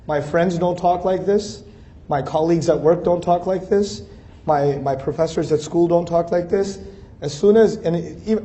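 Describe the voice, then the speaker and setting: A man with a fairly high, mellow voice delivers a religious lecture. He talks to the audience plainly and conversationally. He drives home each point by repeating phrases in a steady rhythm. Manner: conversational, builds emphasis through repetition. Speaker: Islamic lecturer.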